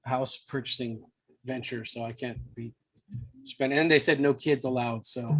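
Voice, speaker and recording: A man's voice: mid-range voice, fairly even intonation, moderate pace, a bit bright. A man with children co-hosting a casual live stream, telling laid-back, profane stories. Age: adult, has children. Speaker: podcast co-host. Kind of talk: casual chat, storytelling.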